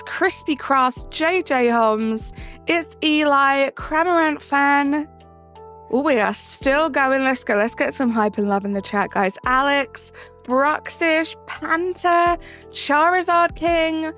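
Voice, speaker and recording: On her live stream, a bubbly young woman from England talks with her viewers and welcomes each by name, using sing-song intonation that rises at the ends of sentences. Her voice is high and somewhat bright, and soft music sits behind her.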